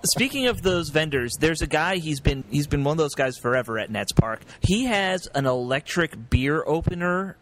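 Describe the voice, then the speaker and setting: A man's voice: a little high, lively intonation, moderate pace, few pauses, a bit bright, slight background noise. A man co-hosting a casual sports podcast, chatty and full of asides. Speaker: podcast co-host.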